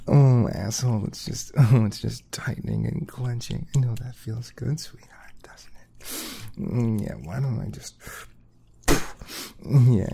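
A man in an intimate whispered role-play, speaking in a dominant, teasing murmur broken by moans and soft laughs. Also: on the low side, vocal fry, slight background noise. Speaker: audio role-play performer.

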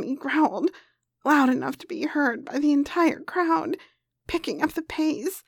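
A woman narrating explicit erotic role-play in a breathy, moaning voice that drifts into whispers. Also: high voice, unhurried, no echo.

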